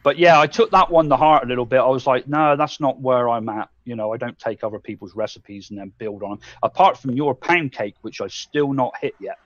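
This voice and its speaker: A man's voice: medium pitch, a little fast, few pauses, no room sound, dull audio. Rambling, swearing English man. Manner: rambling, swears freely, acts out his own thoughts. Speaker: co-host. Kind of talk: casual live-stream chat.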